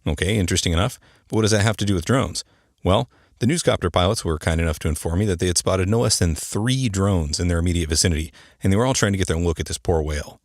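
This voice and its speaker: A man in his thirties or older hosts his own podcast in a chatty, joking way. His voice sits low and he talks quickly. The sound is dry and close, with no room around it. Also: dry recording. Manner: chatty, joking, explains terms to listeners. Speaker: podcast host, air traffic controller. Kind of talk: casual podcast monologue.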